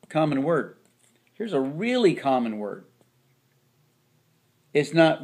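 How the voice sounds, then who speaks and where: A man teaching a phonics lesson to children, slowly sounding out each part of the words. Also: on the high side, expressive. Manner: slow, drawn-out sounding of word parts.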